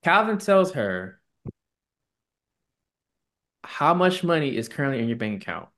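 A man's voice: mid-range voice, unhurried. Casual man retelling a story. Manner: animated retelling, quoting people in put-on tones. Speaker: podcast co-host.

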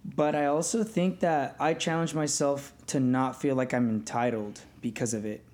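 A man on a podcast, talking things through in a relaxed, supportive way. His voice sits at an average pitch for a man. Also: moderate pace. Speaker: podcast co-host. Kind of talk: casual chat.

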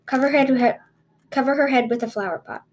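A merciful goddess speaking in a dream in a fairy tale, as a female reader puts her on. Her words come calm and solemn. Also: sits high, quick pace. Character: Kannon, calm goddess of mercy.

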